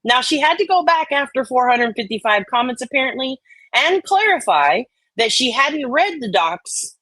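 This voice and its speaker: A woman's voice: sits high, very animated, moderate pace, fairly bright tone, no room sound, low-quality recording. A woman hosting a casual livestream, reading online comments aloud in a laid-back way. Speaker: host.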